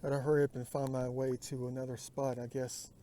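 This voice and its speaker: A man's voice: medium pitch, level tone, brisk, mellow, slight background noise. A man vlogging from his kayak on a lake, musing aloud into his phone and drifting into murmurs and whispers. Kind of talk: rambling outdoor vlog.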